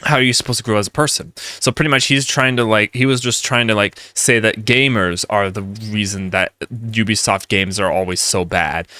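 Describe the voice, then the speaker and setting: A man's voice: on the low side, sharp tone, clean tone, no echo, studio quality. A man ranting in rambling gaming commentary, heated and full of restarts.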